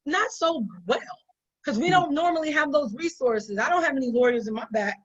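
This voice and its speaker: A woman's voice: high voice, expressive, a little fast. A woman business owner giving conversational business advice in an emphatic way, often repeating her points for stress. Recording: dull lo-fi sound.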